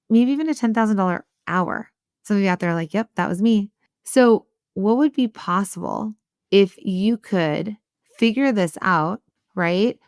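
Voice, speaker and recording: A woman's voice: lowish voice, clear, resonant tone, no room sound, clean studio sound. A woman hosting a solo business podcast, coaching small sellers in a chatty way, with lots of "like" and "right?" and little acted-out customer voices. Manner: acts out customer and waiter voices.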